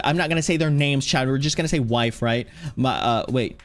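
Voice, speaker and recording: A playful male streamer rambles through a casual livestream chat in a slightly high voice, reading chat aloud and bursting into excited shouts. Faint music plays softly behind him. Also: normal speed. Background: faint background music.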